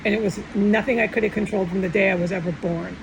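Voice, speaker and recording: A woman's voice: mid-range voice, fairly even intonation, fast talker, creaky, noisy background. A middle-aged woman talking tearfully and in a rambling, upset way in a personal monologue, often trailing off and starting over.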